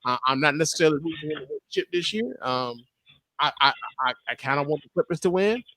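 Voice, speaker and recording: A man in his thirties co-hosting a podcast, chatting casually about sports with loud, laughing, profane banter. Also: fairly high pitch, expressive, fast, no echo. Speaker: podcast co-host.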